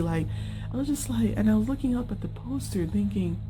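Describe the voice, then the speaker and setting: A woman recounts her dream in casual testimony, rambling a little, with likes and ums along the way. Her voice sits at an ordinary pitch for a woman, and clear music plays underneath her. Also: brisk. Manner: informal, chatty, lots of fillers. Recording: music playing behind.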